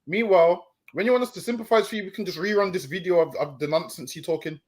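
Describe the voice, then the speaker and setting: Man, high voice, preachy lecturing tone, repeats words, stream discussion. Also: fast talker. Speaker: street preacher co-host.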